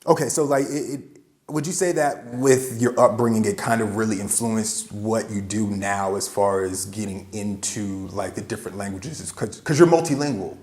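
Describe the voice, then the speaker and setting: A man's voice: lowish voice, moderate pace, a little mellow, reverberant. A man hosting a casual interview, chatty and rambling, often restarting his sentences. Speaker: interview host.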